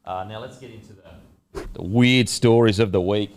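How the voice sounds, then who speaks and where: An Australian man hosting a casual podcast chat, jokey and quick with asides. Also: fairly low pitch. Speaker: podcast host. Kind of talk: casual chat about football tips.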